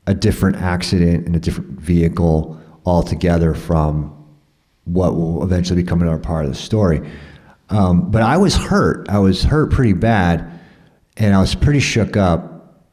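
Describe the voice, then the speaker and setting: Guy with a really deep low voice rambling through a story, swears a lot, lots of ums and "you know"s. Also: dark tone. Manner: rambling, profane, conversational, with many fillers.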